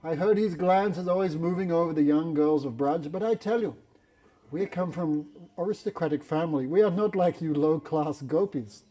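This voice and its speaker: A man voicing a proud, prim high-class woman healer who talks down on others. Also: normal speed, dark tone, natural voice. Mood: haughty. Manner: boastful, scornful talk about low-class people.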